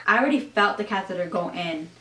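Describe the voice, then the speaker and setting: A young adult woman vlogger telling a personal story in a chatty, animated way, full of "like" and "you guys". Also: medium pitch, fast talker, distant mic. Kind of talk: casual storytelling to camera. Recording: echoey room.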